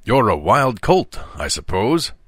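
A man's voice: medium pitch, a little slow, husky, no room sound, clean studio sound, voice pushed up. A man doing a shrewd, cordial school prefect. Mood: teasing. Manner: calm, cordial, gently teasing. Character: kind but shrewd male school prefect, middle-aged.

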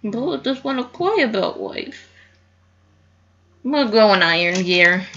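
A young woman giving casual gameplay commentary, excitable, swearing and yelling at the screen. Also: mid-range voice, unhurried, lo-fi sound, slight background noise. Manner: excitable, yells at the screen, frequent cussing. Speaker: gaming youtuber.

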